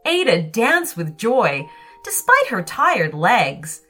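Slow, animated woman storyteller. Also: mid-range voice, soft background music. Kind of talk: scripted storybook narration.

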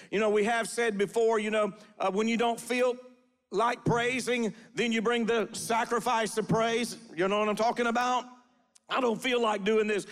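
A man's voice: very high voice, a bit bright, big-room sound. A man preaching a sermon in a church, delivering prophetic declarations and calling on the congregation to respond, often starting phrases with "uh". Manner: repeats phrases with filler "uh", calls for congregation response. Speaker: pastor. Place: church sanctuary.

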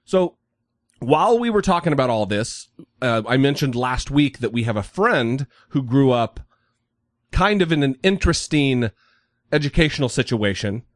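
A man's voice: medium pitch, animated, normal speed, dry recording, clean studio sound. A man hosting a podcast in loose, joking, profane casual chat. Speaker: podcast host.

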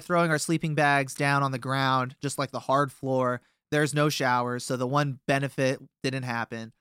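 A man's voice: a little high, pushed and bright, clean tone, dry recording, studio quality. A young man from a touring band telling a long tour story in a casual, rambling way with many fillers.

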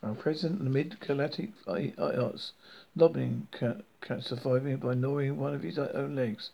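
Gravelly man reading a novel aloud. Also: medium pitch, fairly even intonation, mellow, poor audio. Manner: halting, self-correcting reading. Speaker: reader.

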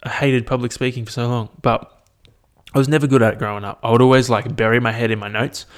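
A man's voice: mid-range voice, fairly even intonation, fast talker. A young man, hosting a podcast alone and chatting casually in a rambling, self-mocking way with plenty of swearing. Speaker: podcast host. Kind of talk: casual solo podcast chat.

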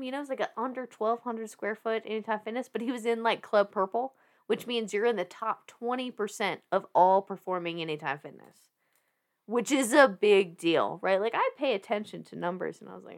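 A woman in her thirties with a Southern US accent, telling a story as a podcast guest in a casual, animated way, laughing often, swearing and restarting her sentences. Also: mid-range voice, brisk.

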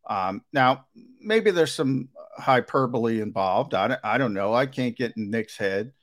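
Animated man talking sports analysis. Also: medium pitch, unhurried. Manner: hesitant restarts, emphatic and animated. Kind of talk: sports talk debate.

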